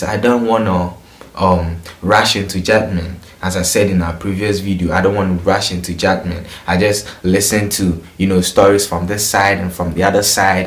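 Low-voiced Ghanaian man gossiping in a roomy space. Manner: chatty, keeps asking "you get it?". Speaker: entertainment vlogger. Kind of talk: casual gossip commentary. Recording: roomy echo.

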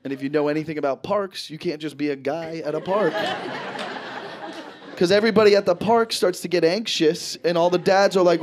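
A young man performing a stand-up comedy set on a club stage, animated and swearing, acting out his friends. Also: sits high, a faint crowd. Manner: animated, swears a lot, acts out friends in quick voices. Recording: live club audience in background.

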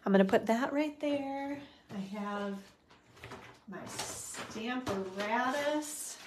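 A woman's voice: on the high side, slow pace, slight background noise. A middle-aged woman hosting a live stamping demo, chatting casually and rambling with fillers as she works. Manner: chatty, rambling, self-talk with fillers and little laughs.

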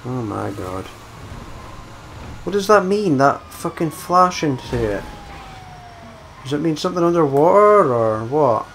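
A young man giving casual let's-play commentary, muttering and swearing at the screen, with sudden loud bursts when he wins. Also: a little high, sing-song, a little slow, vocal fry, pauses often, slight background noise. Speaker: gameplay commentator.

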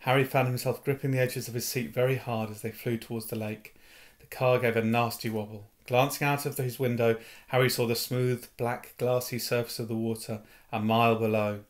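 A man reading a novel aloud in an expressive storytelling manner. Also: mid-range voice, a little fast. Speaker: reader. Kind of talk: audiobook narration of a novel.

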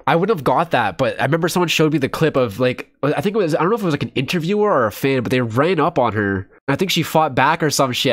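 A man's voice: medium pitch, expressive, a little fast, hardly any pauses, dry recording, studio quality. A young man giving a casual first-listen reaction to an album, blunt and candid, often saying "dude" and swearing freely. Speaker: music reaction streamer.

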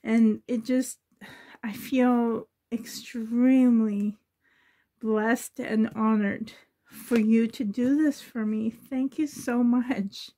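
High, slow, shaky-voiced woman. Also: steady tone, mellow. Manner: gushing, tearful gratitude. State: shaky, emotional voice. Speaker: doll-collecting vlogger. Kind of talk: casual unboxing chat.

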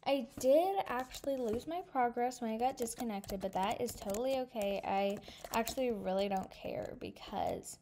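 A woman hosting a gaming video, gushing and excitable with frequent gasps, thanking her viewers warmly. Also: on the high side, normal speed, slight background noise. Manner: sentimental thank-yous to viewers. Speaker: gaming channel host. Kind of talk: casual gameplay commentary.

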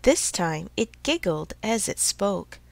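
A woman slowly narrating a storybook for English learners, in a clear, expressive reading. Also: mid-range voice, no room sound.

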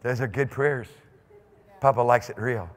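A male pastor preaching a sermon in a church, swinging from quiet asides to whoops and shouts. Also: mid-range voice, fairly even intonation, a little slow. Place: church sanctuary. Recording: long hall reverb in a church.

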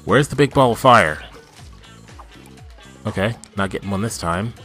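A man narrating his own let's play, excitable and quick to curse at the screen. His voice is bright and pushed forward. Between outbursts he rambles in chatty asides to himself. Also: lowish voice, faint music behind. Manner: excitable, yelling and swearing at the game.

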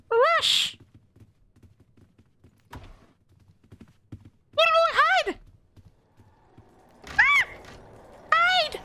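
A man voicing a whiny, bratty little boy who speaks in childish broken grammar and yells often during game commentary. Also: very high voice, creaky, exaggerated voice. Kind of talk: in-character gaming commentary.

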